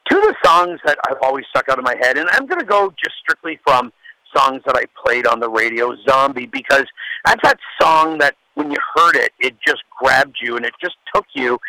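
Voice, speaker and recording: A man who works as a radio DJ, sharing a heartfelt, reflective, halting tribute. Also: mid-range voice, pushed and bright, dry recording, rough recording. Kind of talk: recorded tribute message.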